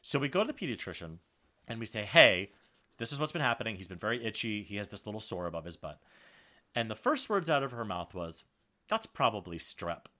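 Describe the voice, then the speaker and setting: A man's voice: fairly low pitch, quick pace. A man co-hosting a podcast, telling a story in casual chat and acting out the quoted dialogue with lots of life. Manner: animated, acts out quoted dialogue. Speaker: podcast co-host.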